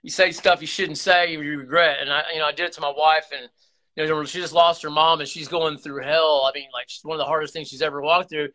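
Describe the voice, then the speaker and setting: This YouTuber's voice is highish, brisk, bright and forceful, yet his delivery stays flat. He's talking from the heart in a confessional vlog, emotional to the point of nearly crying, circling back with restarts and repeated words.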